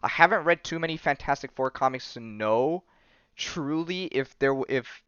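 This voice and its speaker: A mid-range, animated, slightly bright voice belongs to a podcast host chatting casually about comics at normal speed. He rambles with many fillers and restarts; the tone is clean, without echo, though the highs are cut off.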